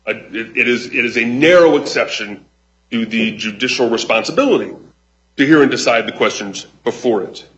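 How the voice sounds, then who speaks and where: A man giving a formal oral argument as counsel before a high court, measured and deliberate with frequent restarts. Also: fairly bright tone, lo-fi sound. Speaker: attorney arguing an appeal.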